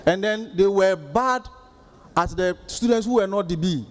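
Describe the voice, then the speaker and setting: A man in his thirties with a Ghanaian accent doing stand-up comedy, telling stories in an animated way and acting out the outbursts of others. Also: sits high, moderate pace.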